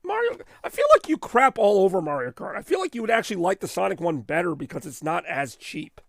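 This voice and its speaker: Hoarse, gravelly-voiced game-stream host. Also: male voice, sits high, big pitch swings, fast talker, fairly bright tone, no room sound. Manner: rambling, chatty, self-deprecating. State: hoarse from a sore throat. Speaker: host of a retro gaming stream. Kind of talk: casual live-stream commentary. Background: faint game music.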